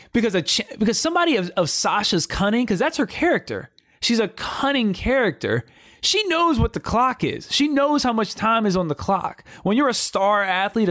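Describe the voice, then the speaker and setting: A man co-hosting a casual wrestling talk show. He speaks in an animated, slangy way and often repeats his words. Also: sits high, no echo, clean studio sound. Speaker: wrestling podcast co-host. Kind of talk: casual commentary chat.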